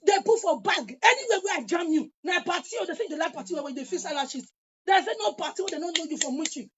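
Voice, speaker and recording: Nigerian woman going off in an angry taunting rant, super high voice, dull lo-fi sound. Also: expressive, fast, background noise. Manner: heated, taunting, sometimes shouting. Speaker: vlogger.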